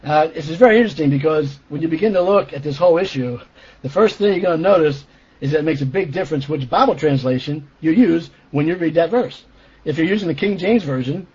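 A fairly high, husky-voiced man delivers an earnest sermon, explaining scripture step by step and checking in with his listeners. The recording is dull and lo-fi. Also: darkish tone. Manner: earnest explanatory teaching with frequent "okay?" check-ins. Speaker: preacher. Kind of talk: sermon teaching.

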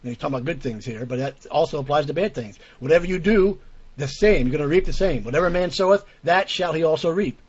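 Guy preaching from the bible, fast and kinda husky, sounds lo-fi. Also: fairly high pitch, animated. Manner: earnest and emphatic, repeats key phrases, reads verses slowly. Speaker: preacher teaching from scripture. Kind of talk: bible teaching, reading verses aloud. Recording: dull lo-fi stream audio.

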